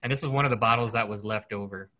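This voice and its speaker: Bright-voiced man hosting a casual podcast. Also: lowish voice, very fast, dull audio. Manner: rambling, joking, many fillers and restarts. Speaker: podcast host. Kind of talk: casual chat over whiskey tasting.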